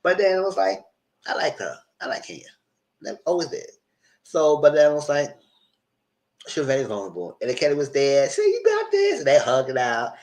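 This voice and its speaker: A man giving casual live commentary on a reality show, animated, repeating himself and cursing freely. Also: mid-range voice, brisk, pauses often.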